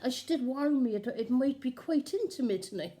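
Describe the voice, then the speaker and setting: A woman's voice: high-pitched, lively intonation, a little fast, warm tone. A woman playing a cheeky, gossiping nun in a chatty, improvised comic monologue, giggling often. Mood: giddy gossip.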